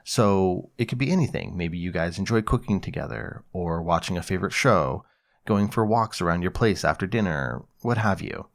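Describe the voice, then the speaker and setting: A man hosting an advice podcast, calmly explaining and acting out example conversations. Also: low voice, moderate pace. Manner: calm, explanatory, acts out example dialogue. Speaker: podcast host, psychologist.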